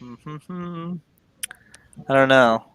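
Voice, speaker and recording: Male live-stream host, casual reactor, bright crisp voice, dry mic. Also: medium pitch, drawn-out words, poor audio. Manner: laid-back, reacts aloud while reading an article.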